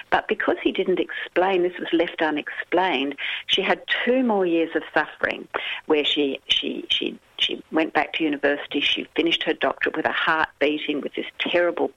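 A woman's voice: deep voice, a bit bright, no echo, highs cut off. A woman author, a guest on a radio interview, telling a story in an earnest, vivid way.

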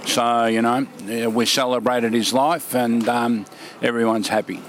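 A man's voice: medium pitch, flat delivery, a little slow, slight background noise. A middle-aged man, a market stallholder, chatting casually outdoors at a food market in a plain, easygoing way.

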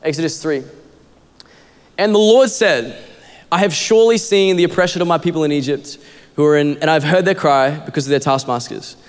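Young man, pastor, earnest conversational sermon, high voice, long hall reverb. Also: fairly quick. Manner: earnest, conversational preaching with fillers. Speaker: assistant kids pastor. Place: church auditorium.

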